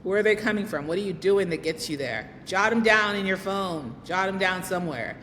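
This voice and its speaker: A woman's voice: lively intonation, a little fast, fairly bright tone. A woman hosting a vlog, giving chatty, encouraging advice and putting questions straight to the viewer. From United States. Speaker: vlog host. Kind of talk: casual advice talk to camera. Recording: long reverb, faint rumble.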